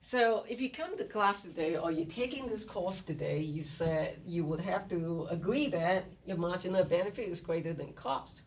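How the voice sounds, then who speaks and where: A woman's voice: fairly low pitch, slight background noise. A woman lecturing on economics, explaining terms step by step, asking rhetorical questions and acting out what students might say. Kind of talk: recorded lecture. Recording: distant mic with faint room ambience.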